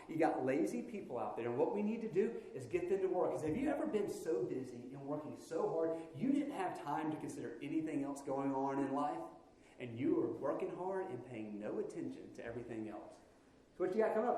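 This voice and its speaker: A man preaching in a church sanctuary, his voice swooping up and down with lively energy. The tone is mellow and relaxed, and the talk is loose and playful, full of asides to the congregation. Everything rings in a very echoey hall. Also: a little high. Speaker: pastor. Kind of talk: sermon.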